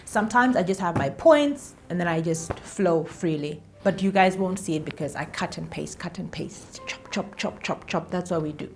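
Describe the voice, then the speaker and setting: Chatty woman vlogger, low voice. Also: moderate pace, few pauses, a little hiss or hum. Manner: chatty, self-deprecating, repeats herself for emphasis. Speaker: YouTuber. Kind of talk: casual talk to camera.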